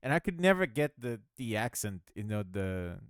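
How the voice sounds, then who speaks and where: A man's voice: fairly low pitch, big pitch swings, normal speed, clear, resonant tone, no echo, studio quality. A man chatting casually while working on his game, rambling and poking fun at himself with frequent laughs. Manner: rambling, self-mocking, laughs often. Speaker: game developer. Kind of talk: casual rambling devlog commentary.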